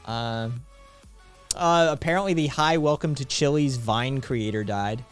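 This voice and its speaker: Man, from Vermont, stream host, rambling casual chat, mid pitch, faint background music. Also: a little slow, clear, resonant tone. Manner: rambling, laughing, many ums.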